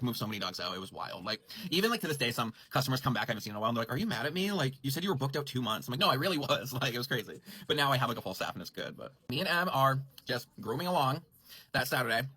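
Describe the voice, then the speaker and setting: A man's voice: mid-range voice, sharp tone, breathy edge. A man casually telling a rambling story about his grooming salon, full of "like" and self-corrections. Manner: rambling, heavy use of "like", frequent self-corrections.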